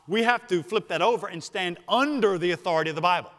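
High-voiced Southern pastor preaching in a hall. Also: male voice, a bit bright. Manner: emphatic, slows for stress, then rushes asides. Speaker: senior pastor. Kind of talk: sermon. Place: church sanctuary. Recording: long reverb of a church sanctuary.

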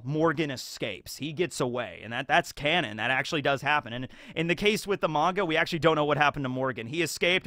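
A man's voice: mid-range voice, pushed and bright, dry recording. A man hosting a video in rambling, casual commentary full of fillers. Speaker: video host.

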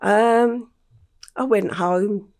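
Older English woman, interview guest, plain storyteller, middle pitch. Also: fairly even intonation, extremely slow, a little mellow. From England. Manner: plain storytelling with frequent ums. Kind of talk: recounting her life story in an interview.

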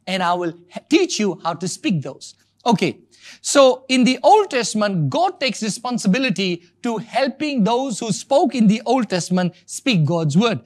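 Male preacher, emphatic and repetitive, with a lively, swinging delivery. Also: high-pitched. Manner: emphatic and repetitive, stressing key words. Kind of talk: sermon.

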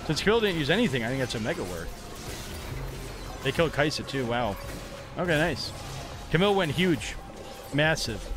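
A man's voice: fairly high pitch, very animated, moderate pace, pauses often, music in the background. A young man casually commentating his own game live as a streamer, chatty and joking with his chat. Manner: casual, chatty, playfully mock-angry trash talk.

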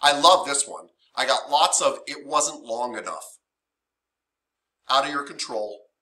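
Bright-voiced animated male lecturer. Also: a little slow. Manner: animated, emotional, chatty with many fillers; acts out quoted clients in higher voices. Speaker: massage therapy instructor. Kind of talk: classroom lecture.

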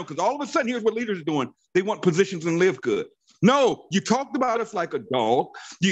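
A man's voice: high voice, slightly rough. A man in his fifties leads a motivational training call as a network marketing team leader. He talks in a fervent, preachy way and drives points home by repeating his phrases.

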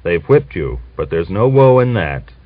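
A man voicing a gruff, fatherly older Cossack farmer who scolds a young soldier, from an old lo-fi recording. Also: sits low, sing-song, a little slow, dry recording, full character voice.

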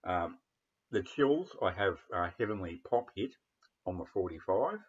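Australian male vlogger, very low and husky, blunt and rambling, sweary, dull lo-fi sound. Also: expressive, measured pace. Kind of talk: casual chat about records.

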